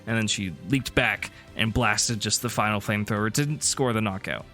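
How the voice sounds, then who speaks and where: A man narrating a tabletop role-playing game as the game master, in a relaxed, rambling way with many fillers. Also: on the low side, normal speed, faint music behind.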